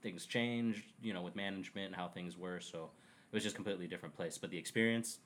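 A man talking in a relaxed, rambling way as a podcast guest, with a lowish voice. He jokes easily and fills his sentences with "like" and "um.". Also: fast talker, slight background noise. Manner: laid-back, joking, rambling with many fillers. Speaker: guest, glassblower. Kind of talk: casual podcast chat.

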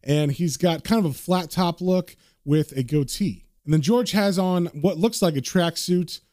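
A man's voice: a little high, measured pace, darkish tone, dry recording, studio quality. A man casually narrating a comic book, chatty and conversational, with frequent fillers.

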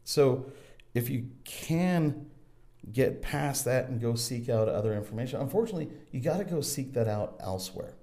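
A man's voice: medium pitch, animated, normal speed, dark tone. A man hosting a casual interview podcast, speaking earnestly and agreeing with his guest. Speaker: podcast host.

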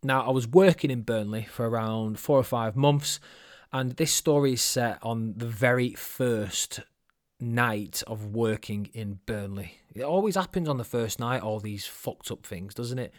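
A man's voice: mid-range voice, measured pace, no echo, studio quality. A man hosting his own podcast, telling a story in a chatty, sweary, self-mocking way. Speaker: podcast host. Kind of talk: casual solo storytelling.

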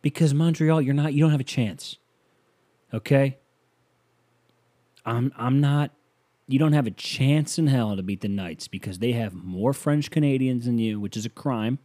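A man riffing loosely on his own podcast, joking and jumping up in pitch when he gets excited. His voice is mellow and dark. It sounds dry and close, as if recorded in a small room. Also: measured pace, long pauses, no echo. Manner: loose, joking, animated with sudden pitch jumps. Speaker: podcast host. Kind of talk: casual solo podcast chat.

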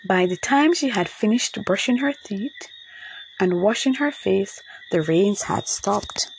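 A woman narrating a children's storybook in an expressive storytelling manner. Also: medium pitch, slow pace, gravelly, slight background noise, rough recording.

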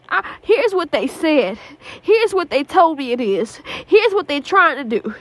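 Woman podcast host, high voice, fervent repetitive prayer, dry close sound from a small prayer closet. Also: big pitch swings, a little slow, no echo. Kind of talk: impassioned spoken prayer and exhortation.

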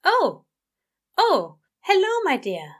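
A woman's voice: very animated, takes it slowly, fairly bright tone, exaggerated voice. A woman reading a story aloud and voicing a fussy, anxious male angel in a raised, flustered voice. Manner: flustered, high and breathy, eager to reassure.

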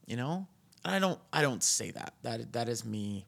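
Gravelly, husky man ranting casually. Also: very animated, normal speed, fairly bright tone. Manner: rambling, ranting, jumps high in pitch when exasperated. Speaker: podcast host. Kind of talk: casual podcast monologue.

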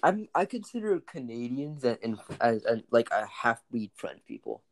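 A man's voice: medium pitch, very animated, moderate pace, dry recording. Rambling young man, dry close sound. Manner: rambling, laughs often, says like a lot. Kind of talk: casual chat.

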